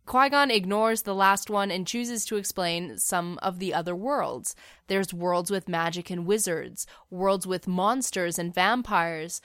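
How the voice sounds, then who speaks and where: A woman's voice: mid-range voice, a bit bright, no room sound, clean studio sound. A woman casually narrating a fan story in a chatty, wry way, with the odd filler.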